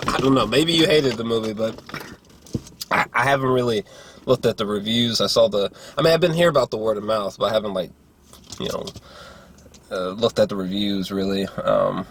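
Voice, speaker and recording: A young man giving a casual movie review, rambling and profane, with lots of filler words and throat clearing. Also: lowish voice, a bit bright. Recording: faint background noise.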